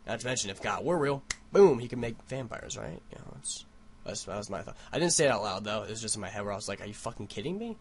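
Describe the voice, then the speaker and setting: A man's voice: on the low side, fast, gravelly, a little hiss or hum. Profane young man ranting casually. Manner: profane, rambling, animated storytelling. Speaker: vlogger. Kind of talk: casual rant.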